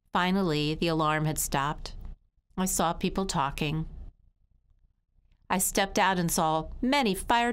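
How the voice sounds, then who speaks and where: A woman voicing a signed story as an interpreter, in slow, emotive first-person storytelling with dramatic pauses. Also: on the low side, smooth. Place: conference hall.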